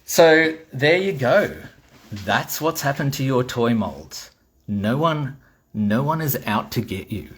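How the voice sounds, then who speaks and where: A man's voice: medium pitch, sing-song, takes it slowly. A middle-aged Australian man, a toy designer, giving a blunt, exasperated ranting monologue and swearing freely.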